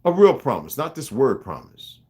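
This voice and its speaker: A man ranting on a livestream in a mid-range voice that swings widely in pitch. He is emphatic and profane, rambles between points, and breaks off to greet viewers by name. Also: wildly swooping pitch, moderate pace, a little mellow. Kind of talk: unscripted livestream rant.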